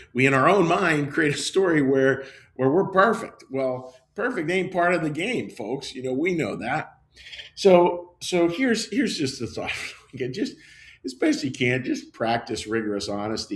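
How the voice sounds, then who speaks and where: Man, pastor, relaxed conversational sermon, lots of fillers and restarts, medium pitch. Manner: conversational, warm humor, many fillers and restarts. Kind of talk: casual sermon and guided prayer. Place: college office.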